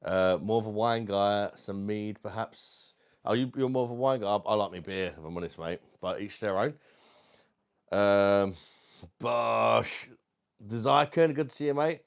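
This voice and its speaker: Chatty London man, lowish voice. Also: measured pace, gravelly, clean tone. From South East London. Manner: chatty and matey, calls viewers mate. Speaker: livestream host. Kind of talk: casual livestream chat, reading out comments.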